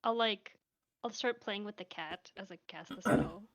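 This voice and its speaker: A woman's voice: mid-range voice, moderate pace, a bit bright. A woman playing a tabletop game, talking in a bubbly, gushing way. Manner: bubbly, gushing, fond of 'like' and 'totally'. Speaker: player.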